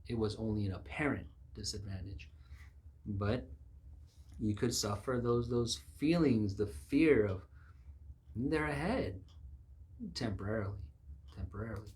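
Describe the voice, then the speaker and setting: A man's voice: fairly low pitch, measured pace, long pauses, darkish tone. A man preaching a sermon in an emphatic way, acting out the voices of the people he quotes.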